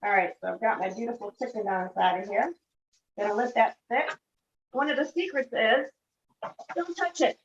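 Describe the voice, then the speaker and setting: Speaking at normal speed with frequent pauses, a woman with a slightly high voice demonstrates a product while cooking casually in a kitchen with an echoey feel. Her chatty manner includes repeated check-ins like "all right?" and "okay?" aimed at the viewer, all on a dull, lo-fi recording with faint background noise.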